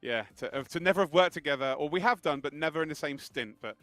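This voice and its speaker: Bright-voiced co-commentator, man. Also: a little high, quick pace, no echo. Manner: loose, laughing, rambling with fillers. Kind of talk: esports broadcast commentary.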